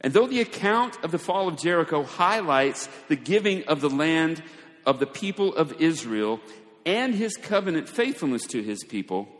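A man preaching a sermon, shifting between quiet asides and raised, emphatic lines. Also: on the high side. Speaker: pastor. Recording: long hall reverb.

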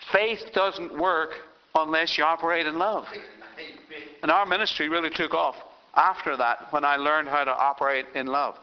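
An older man preaching a sermon as pastor, telling a story and reading scripture aloud with emphasis. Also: on the high side. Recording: dull lo-fi sound.

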